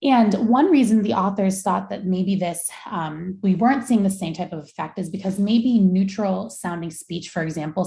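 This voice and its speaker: Young adult woman researcher, low gravelly voice, measured academic lecture delivery, echoey room. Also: warm tone. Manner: measured, explanatory. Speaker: researcher giving a talk.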